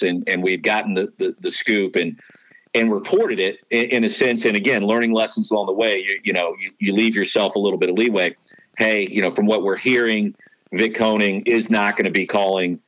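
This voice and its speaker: A man's voice: fairly low pitch, fairly bright tone, no echo, low-quality recording. A man who works as a sports announcer and former beat reporter, telling stories in a rambling way with many restarts. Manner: rambling, full of restarts and fillers. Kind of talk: storytelling podcast chat.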